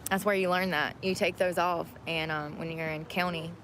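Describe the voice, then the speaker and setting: A woman who live streams, chatting casually in a soft, meandering way with many fillers. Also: on the low side, fairly even intonation, moderate pace, crowd noise. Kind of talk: casual chat.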